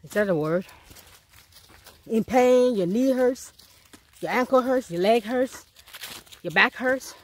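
A woman's voice: a little high, takes it slowly, long pauses. A woman in her fifties, out of breath as she hikes up a mountain trail outdoors, chatting casually to her phone camera and her dog. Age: 50s. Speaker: vlogger. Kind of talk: casual walking vlog.

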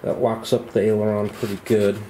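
A man walking through a model glider build at home at night, thinking aloud in a relaxed, self-deprecating way. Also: lowish voice, fairly quick, slight background noise. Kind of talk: hands-on build tutorial.

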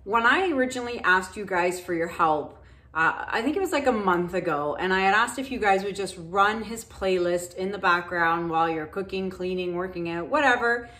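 A middle-aged woman talks straight to her viewers about her painting channel, relaxed and chatty. She thanks people warmly and drops in plenty of ums and uhs as she goes. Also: medium pitch, normal speed. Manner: chatty, thankful, loose with fillers. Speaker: acrylic pour painting channel host. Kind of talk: casual chat to viewers.

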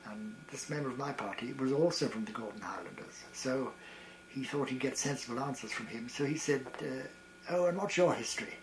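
An elderly man in his eighties tells stories from his days as a variety performer. He stops and restarts often, chuckling at his own tales, and his voice sits at a middling pitch. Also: noisy background. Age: 80s. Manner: halting, with many restarts and chuckles. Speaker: retired variety performer recalling wartime. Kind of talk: reminiscing storytelling.

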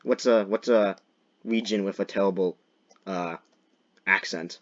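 Young male gaming creator, jokey commentary with mock-dramatic outbursts, slow delivery, dull lo-fi sound. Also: deep voice, fairly even intonation. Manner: jokey, swings into loud mock-dramatic shouts. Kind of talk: gameplay commentary.

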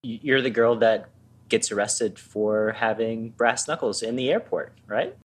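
A man's voice: mid-range voice, unhurried, breathy edge. Reflective male podcast host. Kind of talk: casual interview chat.

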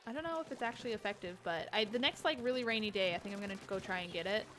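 A woman's voice: medium pitch, lively intonation, very fast, a bit bright, soft background music. A woman hosting a charity game stream in casual chat, giggly and chatty as she reads out donations.

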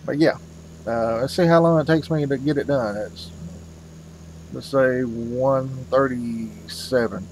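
A man's voice: medium pitch, a little slow, a little mellow, a little hiss or hum, low-quality recording. A man hosting a farming game video, rambling casually and calling his viewers "folks". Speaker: gaming channel host.

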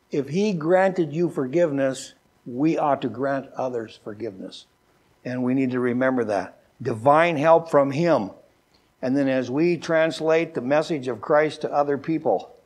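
Older guy pastor giving a sermon, folksy, jokey, stumbles and repeats words, slows way down reading verses. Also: mid-range voice, a little mellow. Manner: folksy, joking, often repeats words when restarting; slows down and lifts his voice when reading scripture.

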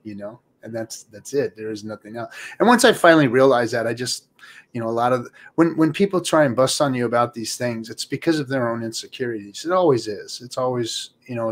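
A man's voice: medium pitch, a little hiss or hum. A man in a casual panel discussion, talking emphatically and repeating points for stress. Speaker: host. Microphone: video call.

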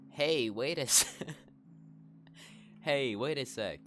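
A man's voice: mid-range voice, slow, pushed and bright, a little hiss or hum, voice pushed up. A man voicing a bossy, pouting young girl in a video game, whining and demanding help. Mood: whiny. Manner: whiny, demanding. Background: game soundtrack.

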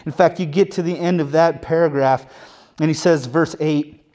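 A man with a fairly high-set voice delivers a sermon in a conversational way. He swings between quiet, drawn-out lines and loud, emphatic bursts, and repeats his key phrases for weight. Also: steady tone. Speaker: preacher.

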